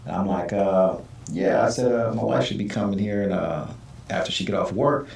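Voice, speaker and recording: Interview guest, male, low voice, animated storyteller; roomy off-mic sound. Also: normal speed, gravelly. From Southern California. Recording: echoey room, mic at a distance.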